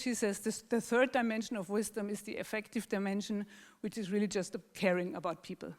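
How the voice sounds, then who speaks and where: Female lecturer, mid-range voice, thoughtful explanatory delivery, long lecture-hall reverb. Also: medium pitch. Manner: explanatory, thoughtful, with frequent restarts. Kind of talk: academic lecture.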